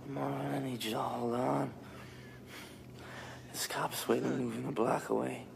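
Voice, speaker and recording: An actor playing a gruff undercover cop in a crime film, in a clip with background noise. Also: male voice, medium pitch, steady tone, unhurried. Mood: urgent. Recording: film clip with noisy ambience.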